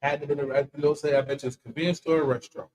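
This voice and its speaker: A man's voice: fairly high pitch, steady tone, racing, a little mellow, low-quality recording. A man co-hosting a casual chat, telling workplace stories with lots of swearing and laughter. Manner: profane, laughing storyteller. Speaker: podcast co-host.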